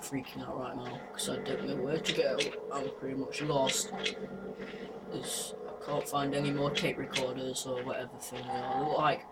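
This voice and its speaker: A young man commentating a horror game, jumpy and nervous, screaming at scares and taunting the monster. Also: mid-range voice. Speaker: gaming YouTuber. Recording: noisy home recording.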